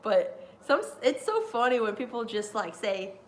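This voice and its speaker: A somewhat high-voiced woman rambles excitably on a live watch-along stream, chatting to her viewers. Her talk is loose and full of fillers, and a faint hum sits under her voice. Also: normal speed. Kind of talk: live reaction chat.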